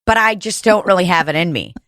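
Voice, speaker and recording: A woman's voice: on the low side, animated, fast talker, fairly bright tone, no room sound, clean studio sound. A woman co-hosting a comedy podcast, rambling crudely and laughing often. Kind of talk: casual comedic chat. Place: home room podcast setup.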